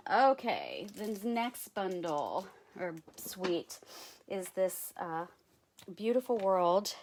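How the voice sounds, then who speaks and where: A woman showing craft supplies in a casual vlog, gushing and halting with many ums. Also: mid-range voice, very animated, a little mellow, a little hiss or hum. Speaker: craft vlogger. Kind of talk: casual product show-and-tell.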